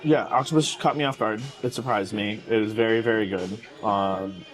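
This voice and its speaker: A man's voice: lowish voice, steady tone, moderate pace, soft background music, low-quality recording. A man sitting at a restaurant table, chatting casually and showing others how to eat. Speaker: guest diner. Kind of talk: casual chat at a meal.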